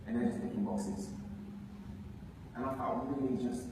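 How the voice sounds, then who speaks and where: A man's voice: medium pitch, level tone, moderate pace, background noise. A young man from England with an English accent, telling his story as a live motivational speaker, acting out voices and stirring up the crowd. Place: large hall on stage. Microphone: far from mic. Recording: echoey hall, far from mic.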